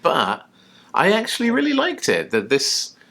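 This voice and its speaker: A man's voice: high voice, huge pitch swings, a little slow, gravelly, bright, forceful tone. A man from the UK co-hosting a tipsy casual chat, rambling through jokes and stories. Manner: rambling, storytelling, jokey. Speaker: co-host.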